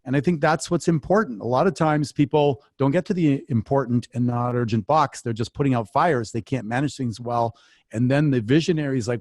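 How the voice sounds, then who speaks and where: A man answering interview questions as a company founder, talking energetically and telling quick anecdotes. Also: medium pitch, no echo, clean studio sound. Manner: energetic, animated storyteller. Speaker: business coach and guest.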